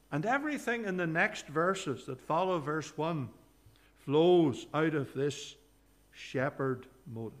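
High-voiced preacher, slow and bright. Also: male voice, lively intonation. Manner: earnest preaching that drops low and soft on scripture quotes. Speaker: pastor. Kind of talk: sermon. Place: church.

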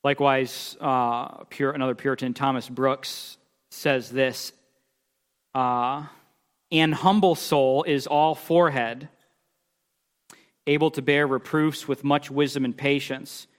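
A man preaching a sermon, emphatic, swinging between loud declarations and quiet asides as he reads scripture aloud. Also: mid-range voice, fairly even intonation, takes it slowly, clear, resonant tone. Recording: long hall reverb.

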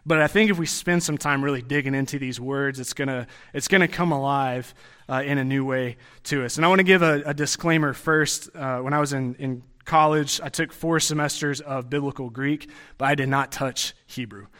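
A young man teaching from the pulpit, talking loosely and chatty rather than formal. His voice is bright and forward, at an ordinary pitch, with lots of restarts and little asides. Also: normal speed. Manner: conversational, with frequent restarts and asides. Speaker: preacher. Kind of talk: sermon teaching.

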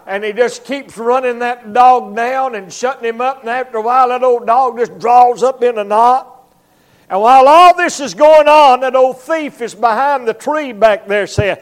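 A male evangelist with a drawl delivers a revival sermon in church. His voice sits very high, and he preaches emphatically, slipping into quick acted-out voices and sound effects. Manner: emphatic preaching, acts out voices and barking dog.

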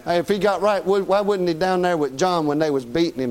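A man's voice: high voice, fast talker, a little mellow, rough recording. A man preaching a sermon to a congregation in a church, emphatic and folksy, firing off rhetorical questions and calling for amen.

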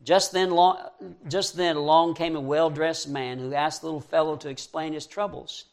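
A man's voice: a little high, fairly even intonation, normal speed. Earnest man preaching a sermon. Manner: earnest, rising to fervent emphasis, with verse-by-verse scripture reading.

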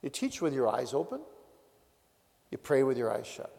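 A man's voice: mid-range voice, sing-song, normal speed, creaky, darkish tone. A man, a pastor, giving a teaching talk on family prayer with direct, practical exhortations. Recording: long hall reverb.

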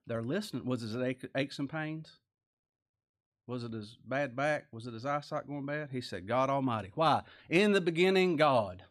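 Folksy preacher, man. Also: medium pitch. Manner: folksy, earnest preaching with Southern dialect. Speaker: pastor. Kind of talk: sermon.

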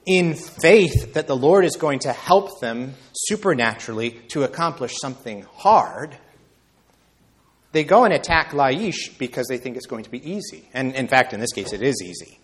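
A man preaching an evening sermon, rising high and loud on key points and slowing words down for weight. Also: animated.

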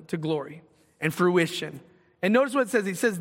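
A man preaching a sermon as pastor, animated and full of rhetorical questions. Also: fairly high pitch, normal speed, in a large hall.

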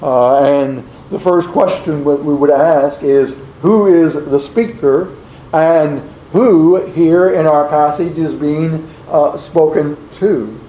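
A man delivering a sermon at a very unhurried, deliberate pace, his voice sitting a little high for a man. He asks questions of his listeners and reads scripture aloud. The recording is dull and lo-fi, with a roomy echo around him. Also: slight background noise. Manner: slow, deliberate, repeats rhetorical questions; reads scripture aloud in old-fashioned wording. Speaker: preacher.

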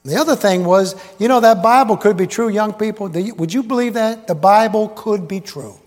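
A man's voice: high voice, fairly quick. A man preaching a sermon in a rambling, folksy way, throwing rhetorical questions at the congregation. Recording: long reverb in a big hall.

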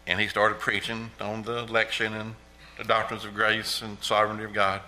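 A man's voice: fairly low pitch, monotone, fairly quick, pushed and bright, slight background noise, low-quality recording. A middle-aged man giving an earnest testimony in church, repeating praise often. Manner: earnest, repetitive, exclaims praise. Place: church sanctuary.

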